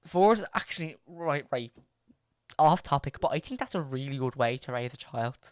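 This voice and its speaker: Rambling young man, smooth voice. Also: medium pitch, lively intonation, moderate pace, no echo, clean studio sound. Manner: rambling, many fillers and restarts. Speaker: podcast host reading stories. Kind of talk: casual chat and reading posts aloud.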